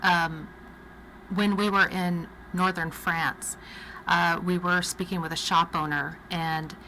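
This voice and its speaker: A woman's voice: lowish voice, steady tone, slow pace, sharp tone, slight background noise, low-quality recording. A woman with a Texas accent, a guest on a radio talk show, telling a travel story in a chatty way. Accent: Texan.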